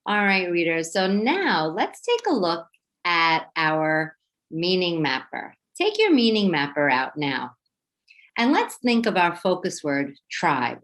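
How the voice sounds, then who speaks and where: Slow, lively-voiced woman teaching phonics. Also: lowish voice. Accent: New York. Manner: slow, clear and encouraging, sounding words out. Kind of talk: children's phonics lesson.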